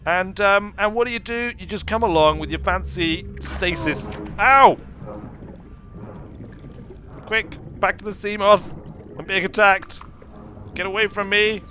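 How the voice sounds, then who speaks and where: Bright slightly high guy doing whimsical game commentary, faint music behind. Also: normal speed, slight background noise. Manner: whimsical, chats to game creatures. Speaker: gaming streamer. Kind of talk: playful let's play commentary.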